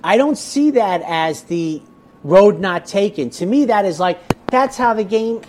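Speaking a little slowly in a high-pitched voice, a man who handicaps horse races shares stories in casual racing talk show chat. His animated telling is marked by repeated words whenever he launches into a thought.

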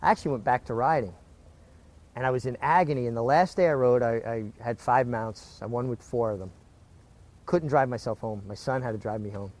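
A man's voice: medium pitch, a little fast, a little mellow. A middle-aged man, a retired jockey, recounting his career in a casual interview, earnest and prone to repeating words as he restarts.

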